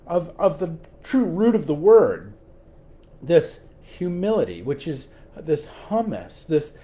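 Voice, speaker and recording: A man's voice: on the high side, mellow. A man giving a sermon reflection as a pastor, often repeating words and restarting as he tells a story.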